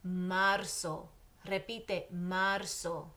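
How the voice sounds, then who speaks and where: A woman teaching Spanish to children, patiently saying words and pausing for her class to repeat them, mixing English and Spanish. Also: fairly low pitch, fairly bright tone. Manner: patient, pauses for repetition. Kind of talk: slow drill lesson for children.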